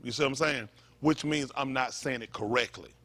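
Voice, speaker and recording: A pastor delivers a sermon, repeating himself emphatically and building to loud peaks. His male voice is mid-range and a little fast.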